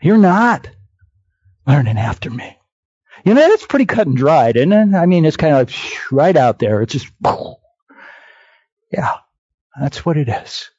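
A man preaching a sermon, swinging from hushed near-whispers to raised, emphatic cries. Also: a little high, very animated, a little slow, long pauses, slightly rough, no echo. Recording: dull lo-fi dry sound.

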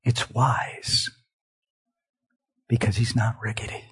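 Male preacher mid-sermon: slow and deliberate, husky, moves between hushed and forceful delivery. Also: mid-range voice, little pitch movement. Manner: emphatic, repeats phrases for stress; swings between quiet and loud passages.

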